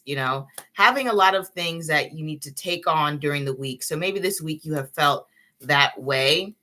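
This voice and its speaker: A woman's voice: deep voice, pushed and bright. A young woman hosting a live tarot stream, chatting casually with her viewers and laughing often.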